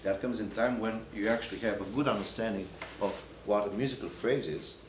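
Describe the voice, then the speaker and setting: A man teaching a Byzantine chant class, explaining in halting phrases and breaking into short sung examples. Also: on the low side, background noise. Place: church hall or classroom. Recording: echoey room, recorded from a distance.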